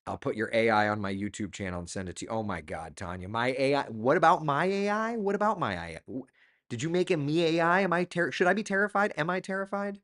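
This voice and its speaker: A man's voice: fairly high pitch, quick pace, fairly bright tone. A middle-aged man hosting a casual live chat, reading out viewer comments and talking loosely about books. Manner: chatty, reads viewer comments aloud. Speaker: host.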